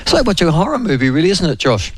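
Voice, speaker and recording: A man's voice: a little high, sing-song, very fast, no echo. A middle-aged man with a New Zealand accent hosting a casual talk radio show, rambling and wry, full of opinions and asides to his co-host. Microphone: studio microphone.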